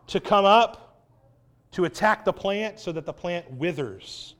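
A man preaching a sermon in an animated, wry way, acting out voices as he quotes. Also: high-pitched, unhurried.

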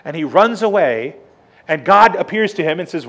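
A man preaching a sermon, retelling scripture with lively, emphatic storytelling. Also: sits high, moderate pace.

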